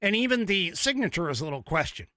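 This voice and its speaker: A man's voice: sits high, big pitch swings, fast talker, sharp tone, no echo, clean studio sound. A man hosting an opinion podcast, ranting angrily in a profane monologue. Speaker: podcast host.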